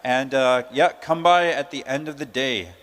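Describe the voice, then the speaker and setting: A man's voice: medium pitch, moderate pace, fairly bright tone. A man emceeing a prize draw at a conference, upbeat, joking and chatty as he calls out names. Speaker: emcee drawing prize winners. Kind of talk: live announcing at a conference. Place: large conference hall. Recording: long hall reverb.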